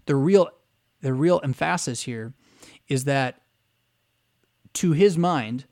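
A man's voice: mid-range voice, takes it slowly, darkish tone. A pastor giving a conversational teaching lecture, often checking in with his listeners by asking "right?".

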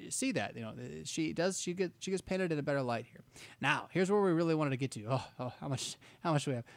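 A man's voice: fairly high pitch, vocal fry, no echo. A man giving conversational Bible teaching, rambling and self-interrupting, with wry asides.

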